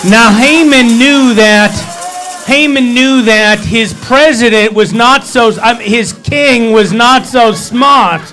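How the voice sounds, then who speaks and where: A man's voice: very high voice, slow, bright, forceful tone, faint music behind, rough recording. A man leading a congregation, retelling a scripture story in a playful, joking way full of wry asides. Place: synagogue hall.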